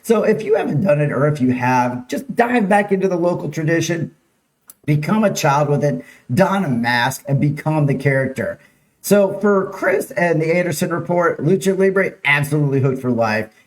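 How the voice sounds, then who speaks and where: A man's voice: fairly high pitch, lively intonation, normal speed. A man hosting a casual live-streamed local news show, chatting with viewers and talking over slides. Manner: chatty, upbeat, reads viewer names and slides aloud.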